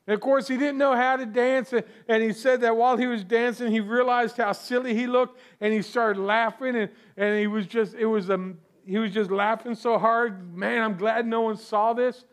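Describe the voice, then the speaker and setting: A man's voice: very high voice, fairly even intonation, normal speed, few pauses. A man preaching a sermon as pastor, conversational, with restarts and asides to the congregation.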